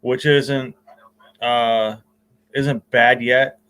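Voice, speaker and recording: A man's voice: medium pitch, level tone, drawn-out words, a bit bright, clear, resonant tone, low-quality recording. Easygoing rambling male podcast host. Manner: rambling, filler-heavy, easygoing. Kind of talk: casual chat.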